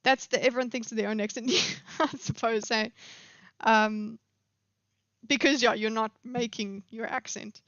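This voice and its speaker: A woman's voice: a little high, fairly even intonation, unhurried, a bit bright, no room sound, dull audio. A woman in her thirties from Africa, giving rambling, opinionated commentary on a live stream. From South Africa.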